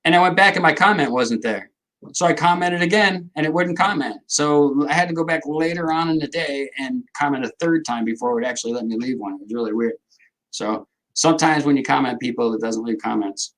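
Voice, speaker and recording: A man's voice: on the high side, brisk, a bit bright, rough recording. A middle-aged man, hosting a casual livestream, rambling and joking as he answers viewers' comments. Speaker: livestream host.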